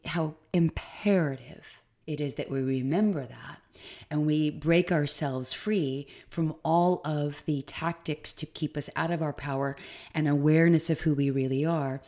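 Low, warm-voiced woman podcast host. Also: a little slow. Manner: rambling stream of consciousness; emphatic. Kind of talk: solo spiritual podcast monologue.

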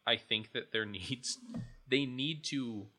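A man's voice: medium pitch, slow pace, sharp tone. A man chatting casually on a podcast, rambling and restarting his thoughts as he goes. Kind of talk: casual chat.

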